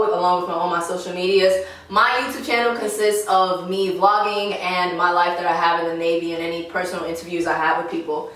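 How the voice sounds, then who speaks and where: A woman's voice: mid-range voice, fairly bright tone, distant mic. Brief: easygoing young woman guest, slangy, off-mic in a very echoey room. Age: young adult. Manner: laid-back, slangy, laughs easily. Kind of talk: casual chat over food.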